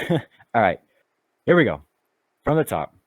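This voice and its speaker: A man's voice: mid-range voice, very animated, unhurried, no room sound. A man chatting casually during a voice recording session, joking and laughing at his own slips. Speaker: voice actor and channel owner.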